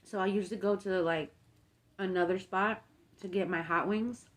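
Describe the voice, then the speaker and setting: A woman's voice: medium pitch, fairly even intonation, moderate pace. Young woman rambling thru a storytime while eating, lots of "like", acts out everyone she quotes. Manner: chatty, filler-heavy, acts out quoted people. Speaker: mukbang vlogger.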